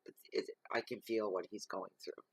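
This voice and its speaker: A man giving a slow, reflective spoken tarot reading, reading card keywords aloud. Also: lowish voice, steady tone, vocal fry, fairly bright tone, slightly rough, no echo. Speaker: tarot reader.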